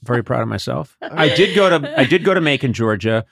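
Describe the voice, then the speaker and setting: A man's voice: medium pitch, fairly quick, gravelly, dry recording, clean studio sound. A man hosting a casual chat, teasing his guest and telling stories with frequent laughter. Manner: teasing, lively storytelling, laughs often. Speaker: podcast host.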